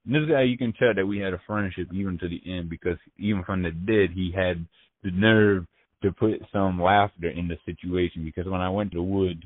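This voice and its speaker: A man with a low voice recounts events in a loose, profane way, stumbling and restarting as he goes. He comes through a tinny, phone-like line. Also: steady tone, dry recording. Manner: profane, halting, slangy, with frequent restarts. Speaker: interviewee. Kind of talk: casual storytelling.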